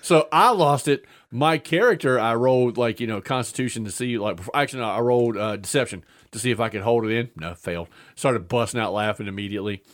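A man's voice: medium pitch, fast, hardly any pauses, fairly bright tone. A man casually telling a funny tabletop-game story, padding it with filler sounds and breaking into laughter.

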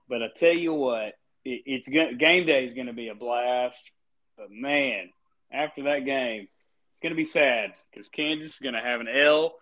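A man's voice: mid-range voice, a bit bright. A man co-hosting a casual sports podcast, with playful, joking banter. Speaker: podcast co-host.

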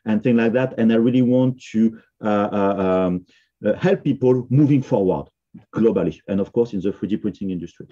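French-accented male podcast guest, husky, halting, slightly dull recording. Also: lowish voice, warm tone. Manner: hesitant, many fillers and restarts. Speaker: software company founder, podcast guest. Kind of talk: casual podcast conversation.

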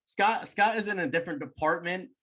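A man's voice: sits high, a little fast, a bit bright. A firefighter and station cook chatting casually on a podcast, teasing his friends and swearing freely.

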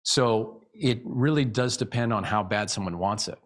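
A man with a fairly low voice talks through speaking tips as a guest in a casual interview. He coaches as he goes, acting out small vocal examples and often restarting his sentences. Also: moderate pace.

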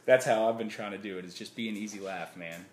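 A man chatting casually on a podcast, telling stories and bursting into loud acted-out impressions. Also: lowish voice, fast talker, echoey room. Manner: animated storyteller, acts out loud impressions. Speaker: podcast guest.

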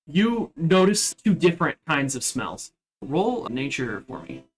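A man runs a tabletop game as its game master. His voice sits a touch high, and he paints each scene in a steady, descriptive way. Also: rough recording. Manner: descriptive, steady narration with measured pacing.

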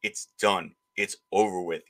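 A man's voice: sits low, steady tone, unhurried, fairly bright tone. A man hosting a political podcast who rants emphatically and slips into mocking voices. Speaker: podcast host. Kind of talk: opinionated political podcast talk.

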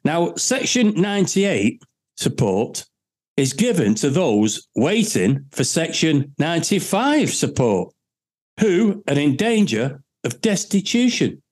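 A man in heated political chat, animated and mocking, acting out little scenes. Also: a little high, slow. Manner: animated, mocking, acts out scenes in put-on voices.

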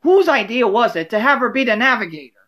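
A fan voicing a sharp-tongued elderly woman who fires quick, cutting quips. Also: medium pitch, big pitch swings, pitched above the performer's own voice. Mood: snide.

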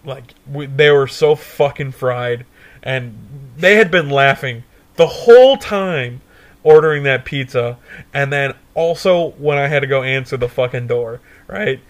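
A young man co-hosting a podcast, telling a stoner story in a profane, animated way and laughing often. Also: medium pitch, a little slow. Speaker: podcast co-host. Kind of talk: casual storytelling chat.

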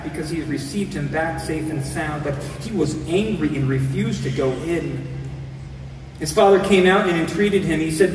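A man preaches a sermon in an earnest way, moving between reading scripture and explaining it. His voice sits high and carries from some distance off the mic. A long, ringing reverb fills the hall around him. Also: a little hiss or hum.

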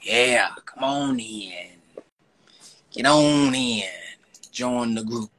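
A man's voice: mid-range voice, drawn-out words, fairly bright tone. A man hosting a casual livestream, talking in a loose, joking, slangy way to callers. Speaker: livestream host selling an online course. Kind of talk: casual live-stream chat.

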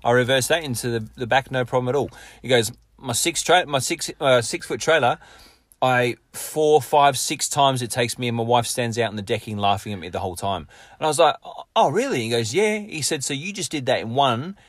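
A man's voice: mid-range voice, a little fast, dry recording, studio quality. A man, co-hosting a casual chat and telling stories with swearing and frequent laughs. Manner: swearing, storytelling, laughs often.

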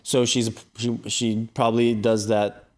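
A man's voice: fairly low pitch, little pitch movement, unhurried, a little mellow. A man in his twenties co-hosting a casual podcast, reading chat messages aloud with a teasing, laughing manner. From United States. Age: 20s. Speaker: podcast co-host.

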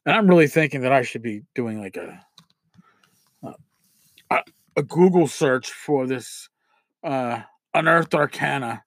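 A man's voice: mid-range voice, a little slow, long pauses, no room sound. A man hosting a podcast in casual chat, rambling and irreverent with asides and profanity, who sometimes stumbles over words as he reads aloud. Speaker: podcast host.

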